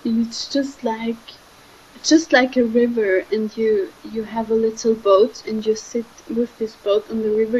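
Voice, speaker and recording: A young woman, giving a gentle, halting spiritual talk that often trails off softly. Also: fairly high pitch, lo-fi sound, a little hiss or hum. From Switzerland. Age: 20s. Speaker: spiritual speaker.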